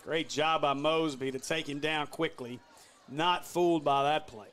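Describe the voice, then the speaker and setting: A man doing play-by-play for a high school football game, joking with his partner and shouting on big plays. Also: fairly even intonation, a little slow, a little hiss or hum. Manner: jokey, laughs often, shouts big plays. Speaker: play-by-play announcer.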